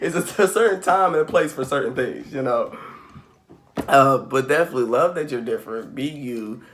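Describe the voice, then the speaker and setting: Speaking at a normal speed in a mid-range, slightly bright voice, this thirtysomething spiritual reading channel host chats to camera from home. His talk rambles, is packed with "like," and includes performed quoted voices, with a little hiss or hum in the audio.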